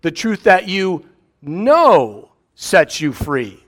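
A middle-aged man, preaching a sermon in a conversational way with quiet asides. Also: high voice, huge pitch swings, extremely slow. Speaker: pastor.

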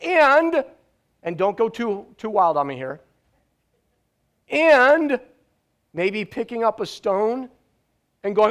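A man pastor delivers a sermon with a high voice. He talks conversationally but hits key words hard and pauses for dramatic effect. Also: sing-song.

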